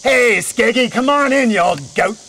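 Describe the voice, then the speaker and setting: A man voicing Mother Berchta, a mean and nasty old horned goddess, in a loud, shouted, gleeful way during an outdoor storytelling. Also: high-pitched, wildly swooping pitch, slow pace, creaky, crowd noise, pitched above the performer's own voice, exaggerated voice. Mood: gruff. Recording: outdoor festival with crickets.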